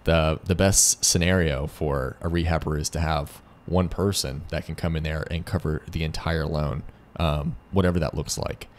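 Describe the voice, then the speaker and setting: A man's voice: a bass voice, steady tone, normal speed, hardly any pauses, slight background noise. A man with an American accent co-hosting a casual business discussion, adding points and using analogies, with frequent restarts. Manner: adds points, restarts phrases, uses analogies. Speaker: lending company co-host.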